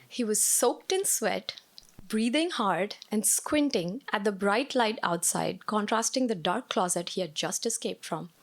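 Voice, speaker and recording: A woman performing a personal story on stage at a live storytelling show, with a wry, self-mocking delivery. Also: a little high.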